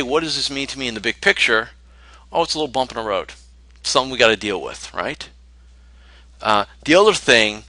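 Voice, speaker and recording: Man, conversational coaching talk, keeps asking "right?", crisp forceful tone, dead dry room. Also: mid-range voice, no room sound, rough recording. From New Jersey. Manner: conversational, rhetorical questions, frequent "right?". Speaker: financial advisor coach.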